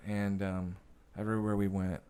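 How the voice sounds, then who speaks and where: A man's voice: lowish voice, level tone, moderate pace, warm tone, smooth. A man who is a guest actor and director, telling stories in a casual interview with profane, rambling speech full of fillers.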